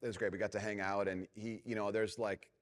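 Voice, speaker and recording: A middle-aged man preaching a sermon as pastor, telling a self-mocking story and dropping to a hushed, prayerful tone. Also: on the low side, little pitch movement, brisk. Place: large church hall. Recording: long reverb of a church hall.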